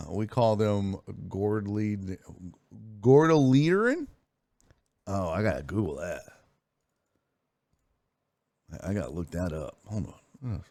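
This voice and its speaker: A man's voice: low-pitched, measured pace, hardly any pauses, dark tone, no room sound, clean studio sound. A man hosting a sports live stream, chatting casually, telling stories, reading chat messages aloud and swearing freely. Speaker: sports streaming show host.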